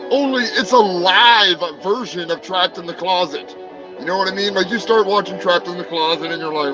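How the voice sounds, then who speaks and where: Profane high-voiced man ranting comedically. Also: rough recording. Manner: profane, rambling, bursts into shouting impressions. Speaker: host. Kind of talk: crude comedic news commentary.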